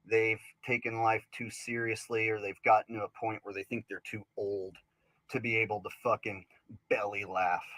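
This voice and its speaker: A man performing as a crude male stand-up comic in a recorded bit, swearing, mocking and building up to shouts. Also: fairly low pitch, little pitch movement, normal speed, no echo, pitched below the performer's own voice, natural voice, rough recording. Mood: mock-earnest. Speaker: stand-up comedian.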